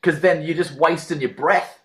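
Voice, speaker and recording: A man's voice: a little high, steady tone, moderate pace, fairly bright tone. A man from Australia, a comedian guest telling jokey, laid-back stories in casual chat.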